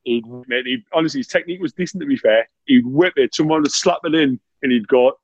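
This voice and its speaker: A man's voice: on the high side, fast talker, breathy edge, no room sound, highs cut off. Man, 30s, ex-player spinning dressing-room yarns, dry close sound. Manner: laughing, animated anecdotes with lots of "mate". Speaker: former footballer guest. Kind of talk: casual storytelling chat.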